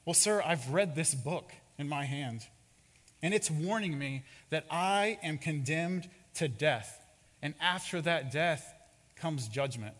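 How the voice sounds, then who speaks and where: A man's voice: a little high, expressive, takes it slowly, a bit bright, full character voice. A man voicing a frightened, burdened male pilgrim who pleads in anguish during a sermon story. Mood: fearful. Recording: reverberant hall.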